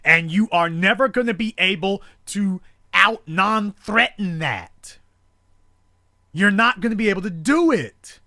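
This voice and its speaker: A man holds forth as a talk-show host, his voice pitched high and swinging widely as he hammers each point home. The tone is bright and forceful, recorded dry and close with no room around it. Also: animated, measured pace, no room sound. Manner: forceful, rhetorical, repetitive emphasis. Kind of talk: impassioned call-in show monologue.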